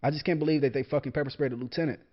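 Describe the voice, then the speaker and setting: A man's voice: on the high side, fairly even intonation, racing. A young man talking alone on a casual show, heated and profane, stumbling and repeating words as he gets worked up. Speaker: podcast host, military veteran. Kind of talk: casual solo monologue. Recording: dull lo-fi sound.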